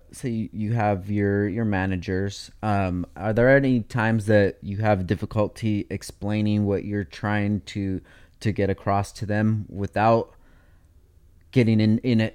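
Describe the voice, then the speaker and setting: A man hosting a casual interview, asking questions in a relaxed way. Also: lowish voice, clear, resonant tone.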